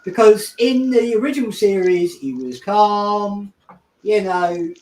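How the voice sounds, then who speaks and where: A man's voice: high voice, takes it slowly, darkish tone. A man hosting a casual podcast chat, laid-back and rambling with chuckles. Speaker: podcast host. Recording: roomy echo.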